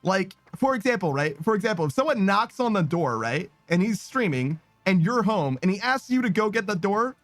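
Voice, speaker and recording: Young male streamer, casual and animated, quick to swear and laugh; high, very expressive voice, dry close-mic sound. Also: no room sound, faint music behind. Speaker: streamer reading chat. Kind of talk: casual live-stream chat.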